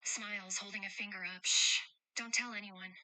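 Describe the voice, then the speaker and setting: A woman voicing a caring adult who protects two children, speaking gently and teasingly and reading the stage directions aloud in a chat role-play. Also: mid-range voice, fairly even intonation, normal speed, no echo, rough recording. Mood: tender, playful.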